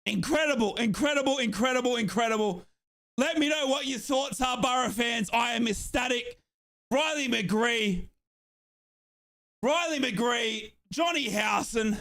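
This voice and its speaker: Hoarse, tearful Australian man shouting. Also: very high-pitched, a little slow. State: hoarse, crying. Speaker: fan watchalong streamer. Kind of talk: live fan watchalong reaction.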